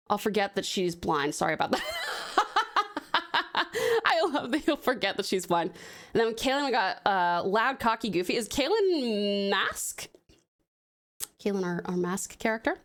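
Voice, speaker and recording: A woman's voice: medium pitch, sing-song, measured pace, a bit bright. A woman with an American accent, reading stories and chatting on a live stream, bubbly and often laughing.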